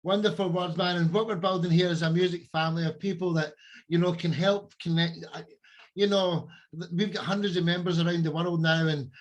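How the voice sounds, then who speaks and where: A man's voice: sits high, steady tone, brisk, dull audio. A man hosting a music podcast, chatty and effusive as he introduces guests. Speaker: podcast host. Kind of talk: casual podcast chat.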